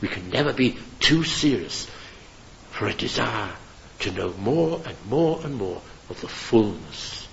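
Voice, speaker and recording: A man preaching from a church pulpit, impassioned and emphatic, swinging between loud declarations and hushed appeals. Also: lowish voice, animated, a little slow, creaky, muffled recording, slight background noise. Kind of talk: sermon.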